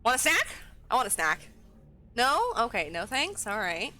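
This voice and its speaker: A woman's voice: fairly high pitch, sing-song, moderate pace, pushed and bright. A woman streaming a horror game, chatting casually and thinking aloud as she plays. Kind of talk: casual let's-play commentary.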